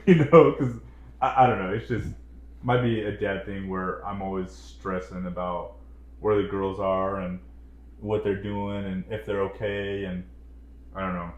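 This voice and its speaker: A laid-back young man on a podcast, speaking in a low-pitched, easygoing way and laughing often. The sound is roomy, with a clear echo around his voice. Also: little pitch movement, a little slow, darkish tone. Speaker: podcast co-host. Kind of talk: casual chat.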